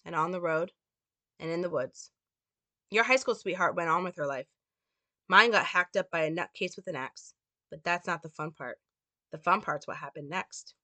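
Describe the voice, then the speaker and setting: A woman's voice: fairly low pitch, normal speed, pauses often, bright, forceful tone, dry recording. A woman reading the lines of a sarcastic, hard-bitten male police detective from a script in a dry, mocking way. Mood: grim.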